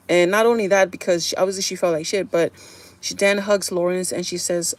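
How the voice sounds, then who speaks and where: Chatting with viewers she addresses as "you guys," this livestream host recaps a TV show, performing bits of characters' dialogue along the way. She has a lowish voice with fairly even intonation and speaks fairly quickly.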